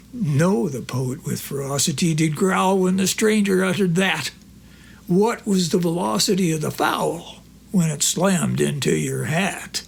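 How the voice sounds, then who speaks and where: A man's voice: sits high, vocal fry, breathy edge. A man performing as a cowboy poet, reciting rhymes and telling stories on stage in a folksy drawl full of rural slang.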